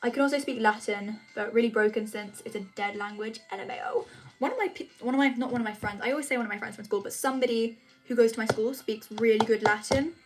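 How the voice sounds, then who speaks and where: A woman's voice: a little high, quick pace, hardly any pauses, faint music behind. A teenage girl from England chatting casually on a livestream as she reads and answers comments, often restarting her sentences. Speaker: livestream host. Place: home room.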